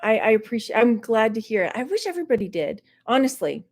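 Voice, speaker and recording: A woman's voice: a little high, big pitch swings, quick pace, darkish tone. A middle-aged woman from Texas rambling casually on her livestream, laughing often, her mouth dry. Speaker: online reseller hosting a livestream.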